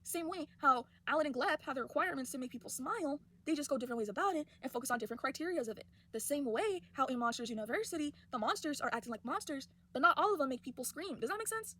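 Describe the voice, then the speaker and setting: Fast-talking, fired-up young woman. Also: sits high. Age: young adult. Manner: animated, indignant ranting. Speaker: college student. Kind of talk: casual rant vlog.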